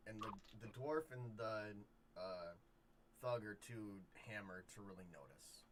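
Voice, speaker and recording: A man runs a tabletop game as game master, and his somewhat low voice keeps a relaxed, loose narration going. There is faint noise behind him. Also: unhurried.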